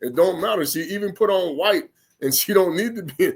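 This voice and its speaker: A man's voice: high voice, lively intonation, fairly quick, gravelly, husky. A man giving an informal spoken sermon, rambling and repeating himself as he acts out the people he quotes. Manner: rambling, repeats words, slips into quoted voices. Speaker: preacher.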